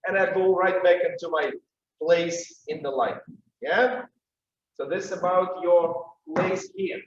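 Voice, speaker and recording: A man's voice: sits high, steady tone, unhurried. A man with a Russian accent teaching a dance class, calling out counts and rhythms urgently while he is losing his voice. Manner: calls counts and rhythms loudly, coaching with urgency. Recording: dull echoey room sound from a distance.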